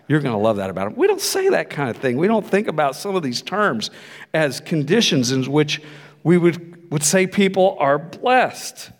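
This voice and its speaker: A man's voice: fairly high pitch, wildly swooping pitch, moderate pace, long reverb tail. A man pastor preaching a sermon in a conversational, reflective way. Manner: conversational, reflective, with frequent restarts.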